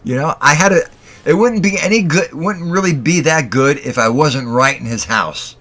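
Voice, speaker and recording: A man's voice: on the high side, moderate pace, a bit bright. Giggly man hosting a casual livestream. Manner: giggling constantly, breaking into laughter mid-sentence. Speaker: livestream host.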